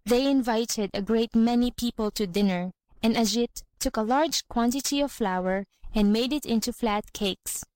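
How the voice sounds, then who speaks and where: A woman reading a folk tale aloud in an even, clear, unhurried way. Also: on the high side, no room sound. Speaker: reader. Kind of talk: storybook reading.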